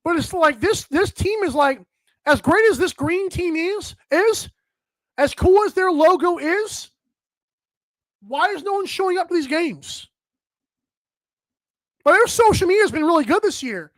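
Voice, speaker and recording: A woman's voice: extremely high pitch, lively intonation, measured pace, long pauses, no echo. A woman hosting a sports talk show, rambling in an exasperated, casual rant full of fillers. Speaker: sports podcast host.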